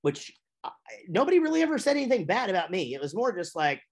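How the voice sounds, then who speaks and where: This fast-talking middle-aged man, a musician and voice actor, is a guest in a casual interview chat. He's chatty and lively, his pitch swinging widely whenever he tells a story.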